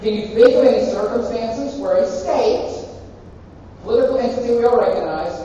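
A man's voice: very high voice, moderate pace, mellow, a little hiss or hum. A male university professor giving a live lecture, joking irreverently and quizzing his students in a large hall. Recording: echoey lecture hall from far off, dull.

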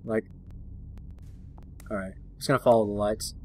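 A man's voice: fairly low pitch, steady tone, normal speed, soft background music. A man playing a horror game on his channel, reacting jumpily, swearing, and joking at the screen. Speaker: gaming channel host. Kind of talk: horror game let's play commentary.

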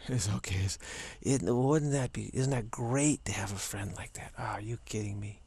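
A man hosting a casual spiritual talk video, rambling playfully with hushed asides. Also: medium pitch, normal speed, creaky, husky.

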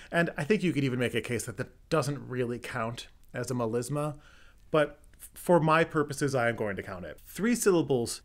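Casting: young man, music theory host, casual explainer, mid-pitched voice. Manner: explains step by step, sings short sung examples.

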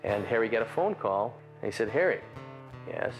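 A man's voice: fairly low pitch, a little fast, faint music behind, rough recording. A man telling a story in an interview, animatedly voicing the people he quotes. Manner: animated, voices quoted callers.

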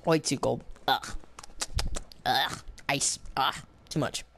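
A man's voice: medium pitch, slow, pushed and bright. A man giving casual, sarcastic let's-play commentary while grumbling at the game. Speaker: gameplay commentator. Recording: clear background noise with game car sounds.

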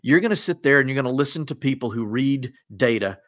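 Casting note: man, lower Appalachian accent, middle pitch, folksy webinar presenter. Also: quick pace. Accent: Southern US, lower Appalachian. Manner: folksy, self-deprecating, energetic. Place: converted home bedroom studio.

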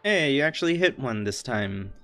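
A man doing let's play commentary on a retro game, cursing constantly and yelling at the game. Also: mid-range voice, sing-song, moderate pace, soft background music. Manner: swears constantly, ranting in frustration; yells at the game. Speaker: gaming YouTuber playing a retro game.

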